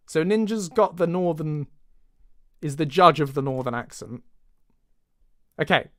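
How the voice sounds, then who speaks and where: A man's voice: a little high, expressive, measured pace, pauses often, fairly bright tone, dry recording, clean studio sound. Chatty self-mocking Southern English man. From Surrey, England. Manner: chatty, self-deprecating, tries out voices. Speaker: audiobook narrator and author. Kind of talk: casual livestream chat while recording.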